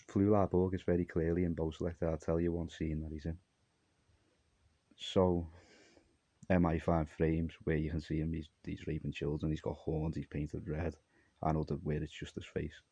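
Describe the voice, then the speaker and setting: A man's voice: deep voice, mellow, no room sound, dull audio. A man from Armenia talking to camera in a rambling solo monologue, jumpy and disjointed, trailing off mid-thought. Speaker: vlogger.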